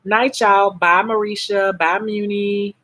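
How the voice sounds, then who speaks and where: A woman's voice: mid-range voice, fairly even intonation, slow pace, fairly bright tone. A woman with a Chicago accent hosting a casual live stream as a nail technician, chatting frankly and answering viewer comments.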